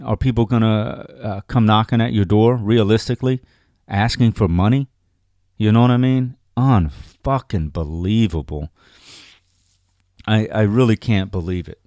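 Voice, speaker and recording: A man's voice: lowish voice, darkish tone, no room sound, studio quality. A man co-hosting a casual show, ranting in a profane, exasperated way and often asking "you know what I mean?". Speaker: podcast co-host.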